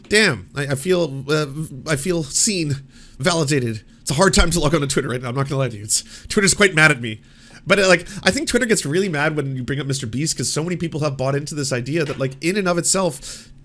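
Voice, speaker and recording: A man's voice: on the high side, fairly bright tone. A man hosting a commentary show, ranting with profane language and stammering restarts. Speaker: commentary host.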